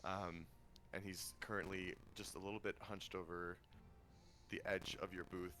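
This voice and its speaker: A man's voice: deep voice, level tone, a little slow, a little hiss or hum. A man narrating a tabletop game as game master, rambling with ums and restarts.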